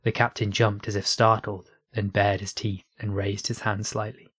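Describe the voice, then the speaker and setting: A man narrating a science fiction story aloud in a steady, unhurried reading voice. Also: on the low side, husky, dry recording. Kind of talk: audiobook reading of online fiction.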